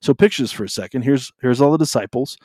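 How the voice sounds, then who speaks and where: A man's voice: mid-range voice, fast talker, dark tone, dry recording. A man co-hosting a podcast, talking casually about faith in a rambling way, with lots of fillers and self-interruptions. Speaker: podcast co-host.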